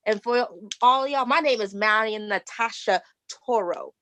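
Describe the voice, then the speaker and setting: A woman speaking on a panel discussion, expressive and playful, calling listeners honey. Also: fairly high pitch, moderate pace, hardly any pauses, no room sound.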